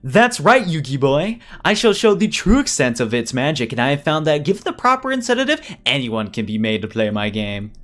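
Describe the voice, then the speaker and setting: A smug, wealthy villain duelist mocks his young rival in a slow, theatrical voice, as a man puts him on. The pitch rises and falls in a lively way. He sounds like a game villain. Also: soft background music. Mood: taunting. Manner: theatrical, mocking, drawn-out.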